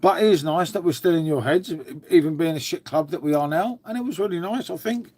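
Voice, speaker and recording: An English man hosts a casual live stream, rambling, swearing a lot and constantly calling everyone "mate". His voice is on the high side and a little fast, with a darkish tone.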